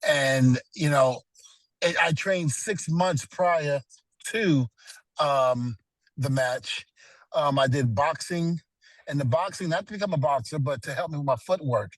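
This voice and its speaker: A man's voice: fairly high pitch, unhurried, dry recording, low-quality recording. A middle-aged man, a retired pro wrestler, telling earnest stories as a guest in a casual interview, with many "you know"s.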